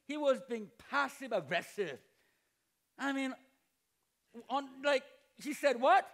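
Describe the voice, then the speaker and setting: Animated high-voiced male preacher. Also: takes it slowly, gravelly, pauses often. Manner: animated, acts out dialogue and jokes; shouts at emphatic points. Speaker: pastor. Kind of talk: sermon. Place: church hall, preaching to students.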